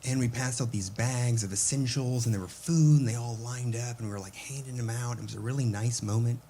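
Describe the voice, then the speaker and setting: Loose, rambling young comedian. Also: male voice, medium pitch, fairly quick, dark tone, slight background noise. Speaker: stand-up comedian. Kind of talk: stand-up comedy. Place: comedy stage.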